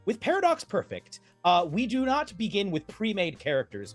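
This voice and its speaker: A man's voice: high voice, wildly swooping pitch, moderate pace, few pauses, faint music behind. A man acting as game master, introducing a tabletop game with enthusiastic, playful emphasis.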